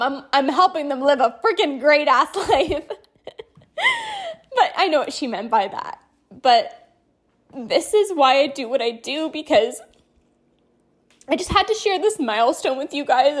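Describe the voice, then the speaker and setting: A young woman with a high voice talks straight to her listeners in a personal podcast monologue. She is earnest and close to tears, and her sentences are full of "like" and "you know". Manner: tearful, earnest, many fillers like "like" and "you know". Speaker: podcast host and binge eating coach. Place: outdoors on a walk.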